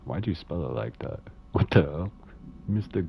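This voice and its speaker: A man's voice: low voice, lively intonation, moderate pace, gravelly, highs cut off, a little hiss or hum. A young man streaming a game, casually reading in-game letters aloud with laughing, swearing commentary.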